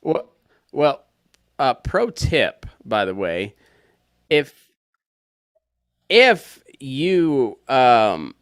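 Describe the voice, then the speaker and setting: A man's voice: mid-range voice, big pitch swings, drawn-out words, long pauses, clean tone, no room sound, clean studio sound. A man co-hosting a podcast, making mock-serious sarcastic jokes in comedic banter. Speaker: podcast co-host.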